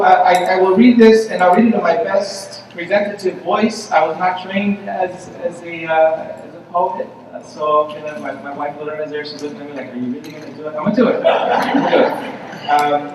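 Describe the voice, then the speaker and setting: A man's voice: on the high side, background noise. A man giving a conversational conference keynote to an audience, with many fillers and repeated phrases. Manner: conversational, repetitive, with frequent fillers. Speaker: keynote speaker. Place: large convention hall. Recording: echoey hall, mic from a distance.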